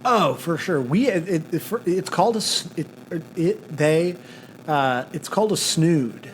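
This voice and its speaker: Male podcast co-host, a touch high, dry sarcastic rambler, casual chat. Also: expressive, measured pace, slight background noise.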